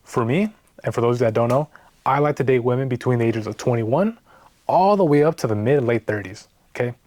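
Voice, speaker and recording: A man's voice: medium pitch, brisk, a little mellow, dry recording. Exasperated man telling a story, dry sound. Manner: frank, exasperated, peppered with "right?" tags. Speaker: vlogger. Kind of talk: casual storytelling to camera.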